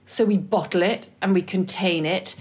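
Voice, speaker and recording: Middle-aged woman podcast co-host, husky, lower voice, dry and agreeable. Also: moderate pace, a little mellow. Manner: agreeable, chiming in, dry humor. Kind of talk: casual chat.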